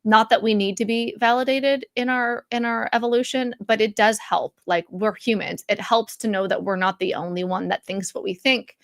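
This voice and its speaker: A middle-aged woman hosts a YouTube live stream, reading comments and chatting casually in a rambling style full of fillers and restarts. Her voice is on the high side, steady, at normal speed with few pauses. The audio is dry and studio quality, from a content-creator studio mic.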